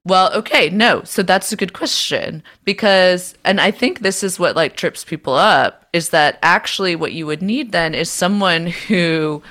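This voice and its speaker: A woman's voice: fairly low pitch, measured pace, hardly any pauses, fairly bright tone. A woman co-hosting a podcast, explaining ideas at length in a casual, swearing way full of fillers and restarts. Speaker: podcast co-host. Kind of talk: casual political discussion.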